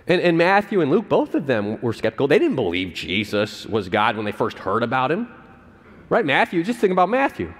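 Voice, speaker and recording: A male pastor preaching a sermon in a conversational, animated way, often checking in with "right?" and "okay?". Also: on the high side. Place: church sanctuary. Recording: long church reverb.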